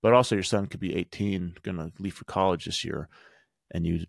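Deep-voiced man preaching earnest life lessons. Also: brisk, creaky, no room sound, clean studio sound. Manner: earnest, conversational, preachy rhetorical questions. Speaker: podcast host and men's group coach. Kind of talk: motivational storytelling monologue.

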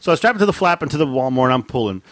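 Very fast and animated, a middle-aged co-host of Mexican heritage trades rambling, profane stories on a podcast, laughing constantly and swinging his pitch widely. His voice is a bit bright, and the recording has no room sound.

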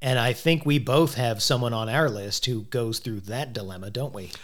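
A man's voice: mid-range voice, moderate pace. A man co-hosting a casual music chat show, bantering in a wry, joking way. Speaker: radio co-host.

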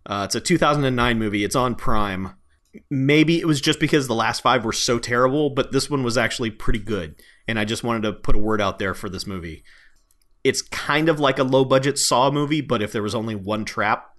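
A man co-hosting a casual movie podcast, relaxed and laughing often, with some swearing. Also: mid-range voice, brisk. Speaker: podcast co-host.

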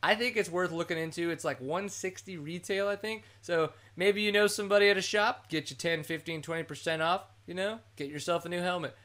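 A man's voice: high-pitched, a little fast, few pauses, fairly bright tone. A man hosting a casual podcast, brash and joking with crude humor. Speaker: podcast host. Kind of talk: casual chat.

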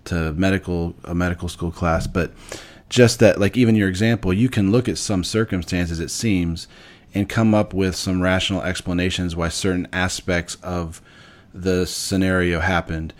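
A man hosting a podcast, speaking reflectively and searching for his words with many pauses and fillers. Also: sits low, steady tone. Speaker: podcast host. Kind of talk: casual podcast conversation.

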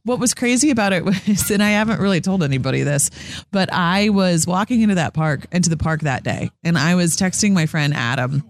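A young woman who works as a sports TV reporter tells stories as an interview guest, earnest and chatty, full of "like" fillers and acted-out quotes. Her fairly low voice moves a little fast, with no echo.

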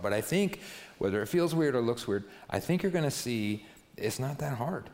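A man's voice: on the low side, very animated, moderate pace, in a large hall. Chatty male pastor preaching. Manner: casual, chatty, lots of asides. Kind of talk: conversational sermon. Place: church sanctuary.

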